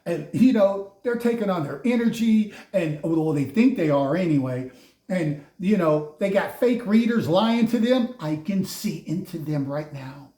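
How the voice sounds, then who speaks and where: A man's voice: high-pitched, lively intonation, unhurried, dark tone. A man giving a casual spiritual tarot reading, preachy and mocking, often laughing at those he speaks of. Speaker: tarot reader. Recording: roomy echo.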